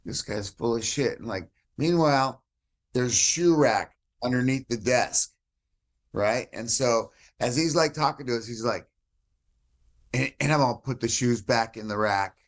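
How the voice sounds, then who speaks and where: A man's voice: mid-range voice, measured pace. A man guesting on a podcast, telling a brawl story with lots of swearing and acted-out quotes. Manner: animated, swears often, acts out quoted voices. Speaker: podcast guest, jiu-jitsu black belt. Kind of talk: casual storytelling chat.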